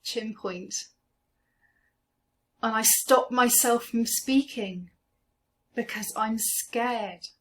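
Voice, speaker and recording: A woman coaching a guided EFT tapping session, speaking slowly and gently as she names each tapping point. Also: fairly high pitch. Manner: slow, gentle, soothing guidance.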